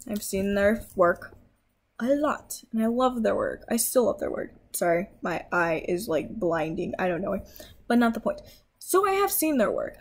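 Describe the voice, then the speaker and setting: A young woman vlogger in a heated, swearing rant, scolding her viewers. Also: on the high side. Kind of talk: angry rant.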